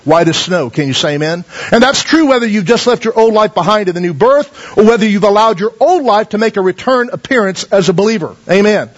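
High-voiced preacher man, lo-fi sound. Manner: folksy storytelling preacher, calls for amens. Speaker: pastor. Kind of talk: sermon.

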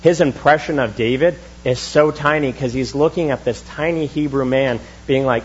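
A young man preaching a sermon in a church, in a relaxed, chatty style with quick asides. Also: medium pitch, dull audio, slight background noise. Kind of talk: casual conversational sermon. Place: church sanctuary.

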